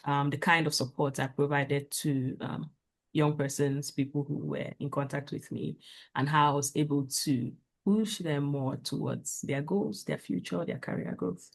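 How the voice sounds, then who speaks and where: A woman talks earnestly on a video call. She gives practical, step-by-step advice, pausing often with fillers as she gathers her thoughts. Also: low voice, fairly even intonation, gravelly. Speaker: guest speaker. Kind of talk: casual talk on a video call.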